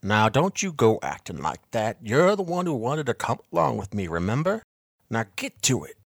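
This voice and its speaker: A man doing a gruff, taunting old tonic peddler. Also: lowish voice, big pitch swings, normal speed, dry recording, studio quality. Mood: gruff bossy. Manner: taunting, bossy, with a nasty phlegmy laugh.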